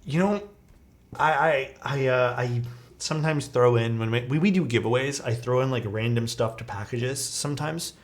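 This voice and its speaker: A man's voice: medium pitch, normal speed. Laid-back young man streaming. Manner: laid-back, chatty, reads chat aloud, self-deprecating. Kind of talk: casual live-stream chat while building a keyboard.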